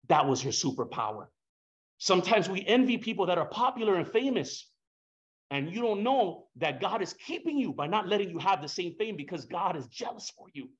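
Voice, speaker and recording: Emotional high-voiced preacher, dull recording. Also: male voice. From Hispanic background. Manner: emotional, emphatic, repeats phrases, casual slang. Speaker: pastor. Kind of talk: sermon. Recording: dull lo-fi sound.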